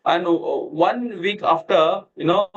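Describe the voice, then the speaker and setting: A man's voice: high voice, slow, a bit bright, dull audio. A man teaching a devotional scripture class over a video call, telling a story loosely with lots of "you know" fillers. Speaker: Bhagavad Gita class teacher.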